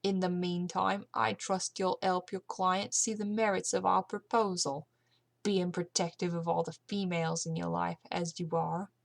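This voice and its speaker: A woman voicing a menacing, smirking male villain who speaks with slow, mocking politeness. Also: lowish voice, little pitch movement, vocal fry. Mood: smug. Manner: sly, unhurried, mocking politeness.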